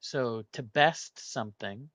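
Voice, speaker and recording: A fairly bright, mid-range male voice comes through a dry recording at a slow pace. The speaker, a gaming channel host, casually narrates his word-puzzle solving, voicing his thoughts and muttering guesses.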